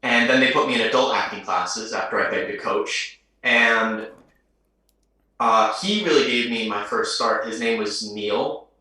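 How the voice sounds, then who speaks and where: A young man with a bright, forceful voice tells his story in an upbeat, chatty way. He sits a little back from the mic, and a strong echo surrounds him. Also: on the low side, unhurried. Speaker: actor guest. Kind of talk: casual chat. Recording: very echoey, distant mic.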